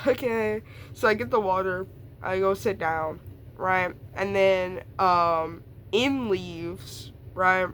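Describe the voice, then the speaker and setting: Over slight background noise, a young woman speaks at medium pitch with a somewhat bright tone. She casually wanders through a personal story, stuffed with fillers, laughter, and fast little asides.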